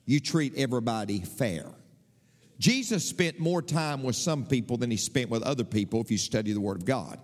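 A man preaching a sermon as pastor, passionate, dropping to low murmurs and climbing to high cries. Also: expressive, brisk, hardly any pauses. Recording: long hall reverb.

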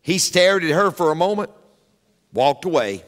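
A male pastor preaching a sermon, emphatic and repetitive, swinging between loud punches and quiet asides. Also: a little high, lively intonation, normal speed, big-room sound.

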